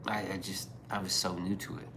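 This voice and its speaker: A man streaming a casual chat, rambling and swearing freely, often trailing off into quiet mumbles as he reads chat messages. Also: sits low, level tone, fairly quick, background noise.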